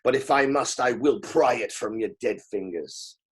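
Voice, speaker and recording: A man's voice: medium pitch, normal speed, close to an everyday voice. A man voicing a huge fiery male giant, a threatening and commanding villain, in a storybook reading. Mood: menacing.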